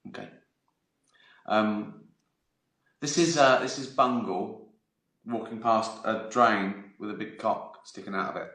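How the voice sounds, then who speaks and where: A man's voice: fairly low pitch, slow, long pauses, a bit bright. Rambling man telling stories. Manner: rambling, laughing, swears freely. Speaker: host of his own live stream. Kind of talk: casual storytelling chat. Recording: roomy echo.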